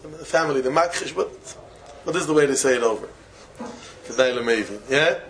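A man, a rabbi, giving a Torah lecture in English full of Yiddish and Hebrew terms, with non-native phrasing, slowing to chant key phrases and breaking into sudden high exclamations. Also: fairly bright tone, low-quality recording. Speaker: rabbi teaching students. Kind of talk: Torah lecture to young men.

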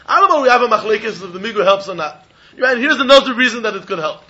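Male Talmud teacher, high bright voice, animated and questioning, dull lo-fi recording. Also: quick pace. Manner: animated, questioning, mixes Yiddish phrases into English. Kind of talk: Talmud study lecture.

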